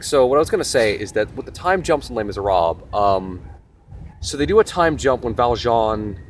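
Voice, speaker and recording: A young man hosting a casual vlog, retelling a novel in a rambling, animated way with lots of fillers and asides. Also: lowish voice, slight background noise. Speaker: host.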